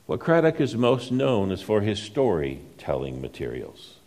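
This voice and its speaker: A pastor telling a story during a sermon, unhurried and dropping to a soft hush for emphasis. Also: male voice, fairly low pitch, wildly swooping pitch.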